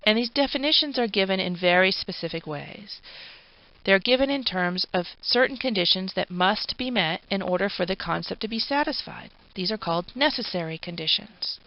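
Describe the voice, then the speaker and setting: Woman lecturing, gravelly and dry. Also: mid-range voice, lively intonation, moderate pace, no echo. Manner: explanatory, informal asides. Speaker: philosophy lecturer. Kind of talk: recorded lecture. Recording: dull, dry lo-fi recording.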